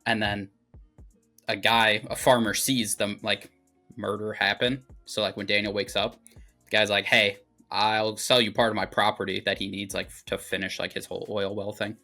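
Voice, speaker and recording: A man's voice: fairly low pitch, flat delivery, normal speed, bright, forceful tone, soft background music. A young man casually recapping a movie plot on a podcast, rambling with lots of fillers and swearing. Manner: rambling, filler-heavy, profane. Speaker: movie review podcast host.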